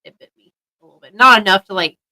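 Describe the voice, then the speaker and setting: A woman's voice: medium pitch, fast, sharp tone, poor audio. A woman co-hosting a casual chat show, chatty and self-deprecating. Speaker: podcast co-host.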